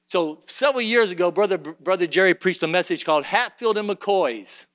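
A man preaching a sermon in a church, climbing to fervent shouting and then dropping to quiet, conversational storytelling. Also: expressive, normal speed. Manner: rises to shouted fervor, then drops low and conversational. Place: church sanctuary.

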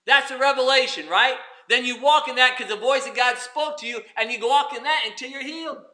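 A man preaching with a very high, piercingly bright voice. He swings from ringing emphasis down to near-whispered asides as he addresses the congregation. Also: fairly quick. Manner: preaching with swings from loud to hushed. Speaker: pastor. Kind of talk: sermon.

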